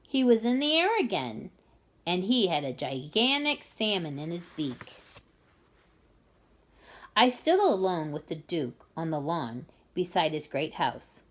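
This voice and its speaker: A woman reading tutor reading a children's book aloud with expressive storytelling. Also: mid-range voice.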